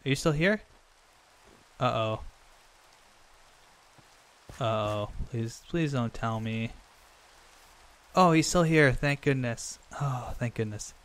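A young man giving Minecraft let's play commentary, frantic and excitable, rambling fast when thrilled. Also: mid-range voice, clean tone. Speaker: gaming video host.

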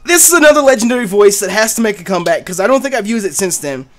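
Brief: profane male let's play host, animated, game music underneath. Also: high-pitched, rapid-fire. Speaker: gaming YouTuber.

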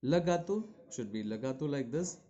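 A man teaches a beginner French lesson. He says each French word, then gives its meaning. His voice is dark and mellow, and the recording sounds dull and lo-fi. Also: mid-range voice, animated, normal speed. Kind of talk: classroom lesson walkthrough.

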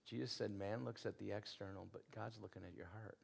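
A man's voice: fairly low pitch, steady tone, fairly quick, creaky, breathy edge. A man preaching a sermon in an earnest, conversational storytelling way, repeating phrases for emphasis. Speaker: pastor.

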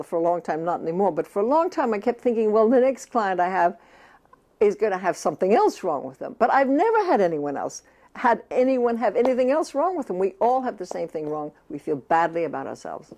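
An older woman from the United States, a therapist and author, answering interview questions in a thoughtful, halting way with many restarts. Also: mid-range voice, sing-song, a little mellow.

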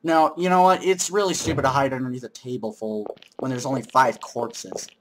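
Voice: medium pitch, steady tone, a little fast, noisy background. A co-host in a co-op let's play, reacting to the game with exclamations in casual commentary.

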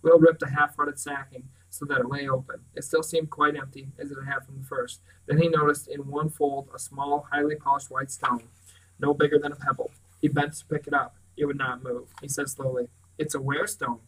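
A man reading a fantasy novel aloud, steady with small slips and restarts. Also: fairly high pitch, normal speed, far from the mic, rough recording. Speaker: reader.

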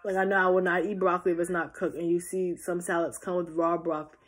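A tired teenage girl talks into her phone for a casual question-and-answer vlog. Her voice sits a little low, and she rambles with frequent restarts. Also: level tone, fast. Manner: chatty, rambling, many restarts. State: tired and yawning. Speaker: vlogger.

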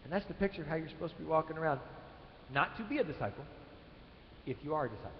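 A man preaching a sermon, swinging from loud emphatic lines to quiet ones, in a church sanctuary. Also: a little high, animated, very fast, a little hiss or hum. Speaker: pastor. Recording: echoey church hall, dull live stream.

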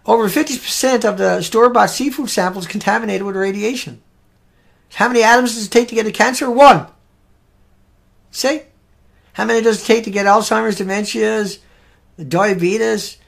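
A man hosting a live show, giving heated, emphatic commentary on news headlines with sudden loud bursts. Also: sits high, fairly even intonation, a little fast, vocal fry.

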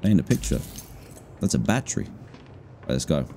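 A man giving let's play commentary on a horror game, reacting with excited exclamations. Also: low voice, moderate pace, gravelly, noisy background. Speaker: gaming YouTuber.

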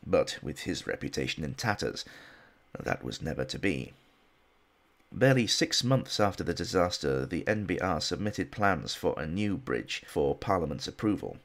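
A man's voice: low voice, big pitch swings, moderate pace. A man narrating a history documentary in a scripted style with dry, wry asides.

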